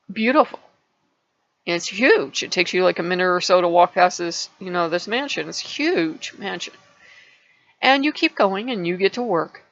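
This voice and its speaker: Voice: medium pitch, a bit bright, lo-fi sound. A channel host telling a parable in a casual vlog, rambling and restarting words often.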